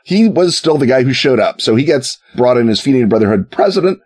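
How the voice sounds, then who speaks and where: A man telling a history story in a casual, wry way, with joking asides and quick put-on voices for quoted people. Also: medium pitch, sing-song, darkish tone, breathy edge.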